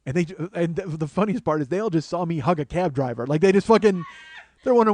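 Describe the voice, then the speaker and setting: A man's voice: a little high, expressive, fast, a little mellow, a little hiss or hum. Profane man telling a comic story. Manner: profane, rambling, self-mocking storyteller. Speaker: comedy podcast host.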